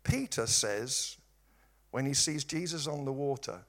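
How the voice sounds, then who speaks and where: A man's voice: medium pitch, big pitch swings, moderate pace. A man from East London with a local accent, preaching a sermon with humorous storytelling and wry jabs. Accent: East London English. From East London, England.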